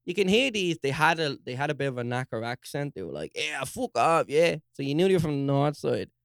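A young man with a Dublin accent, co-hosting a podcast, telling a story in an animated way, swearing and acting out quotes. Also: mid-range voice, fast talker, vocal fry, clear, resonant tone, dry recording, clean studio sound. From Ireland. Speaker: podcast co-host. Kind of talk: casual storytelling chat.

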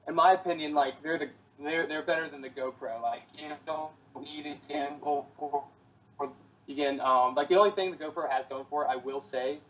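A young man with a slightly high voice talks in a laid-back, rambling way. He leans on fillers and loose asides. It sounds like relaxed casual chat between friends. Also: a little fast, rough recording.

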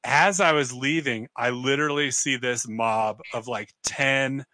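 Man, bright sharp voice, dry close mic, easygoing storyteller. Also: medium pitch, unhurried, dry recording. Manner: relaxed storyteller, laughs, quotes himself in a brighter voice. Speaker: podcast co-host. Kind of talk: casual storytelling chat.

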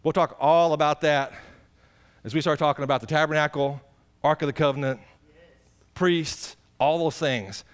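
Middle-aged pastor preaching, high voice, folksy, keeps asking the church questions, jumps from fired up to low and quiet. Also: male voice, moderate pace, clean tone. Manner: swings between high excited preaching and low quiet asides; folksy, asks the congregation questions. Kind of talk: sermon.

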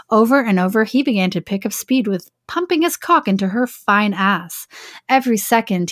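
A woman's voice: mid-range voice, dry recording, studio quality. A woman podcast host reading an erotic story aloud and breaking off into joking asides.

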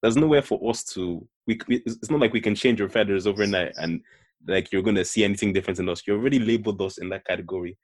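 A man's voice: lowish voice, fast talker. A young man on a casual podcast who rants and restarts his sentences often. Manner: stammering restarts, ranting. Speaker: podcast co-host. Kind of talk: casual chat.

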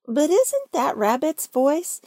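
A bumbling, polite storybook bear who stammers and stumbles over his words, put on by a woman. The voice sits high and bounces around a lot. It is recorded dry and close. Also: sing-song, takes it slowly, dark tone, dry recording, full character voice. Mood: puzzled. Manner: hesitant, stammering. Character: bumbling, polite, food-loving male teddy bear.

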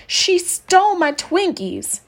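A woman voicing a loud, whiny first-grade girl who talks in a sobbing, country-kid way in a storybook reading. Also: sits high, expressive, normal speed, voice pushed up. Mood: wailing.

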